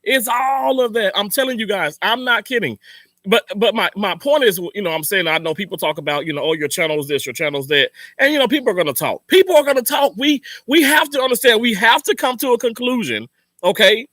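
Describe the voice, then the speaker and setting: A man with a high, bright voice talks straight to his viewers, hammering the same points again and again to fire them up. The sound is dry and close. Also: animated, brisk, dry recording. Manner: emphatic, repetitive, motivational. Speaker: channel host. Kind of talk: casual livestream talk to viewers.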